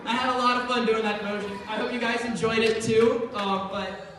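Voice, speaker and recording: A man's voice: high-pitched, fairly quick, crowd noise. A young man giving a playful, laughter-filled youth devotion to children. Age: young adult. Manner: animated, playful, laughing often. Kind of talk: comic youth sermon. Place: indoor hall with children. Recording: echoey hall from far off. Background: children's audience and room noise.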